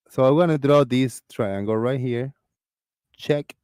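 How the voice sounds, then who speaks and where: A man with a Floridian accent hosting a live call-in discussion, talking in an excitable, rambling way with many restarts. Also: medium pitch, measured pace, clean tone, no echo, studio quality. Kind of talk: casual live-stream chat.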